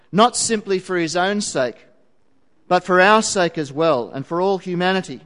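Man preaching in an echoing hall. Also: fairly high pitch. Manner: earnest, conversational, with rhetorical questions. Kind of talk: sermon. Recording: long reverb of a large hall.

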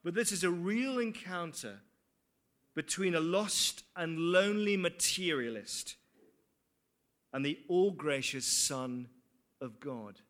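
A man's voice: fairly high pitch, animated, slow, long pauses, a bit bright. A man preaching a sermon, earnest, with rhetorical questions and dry asides.

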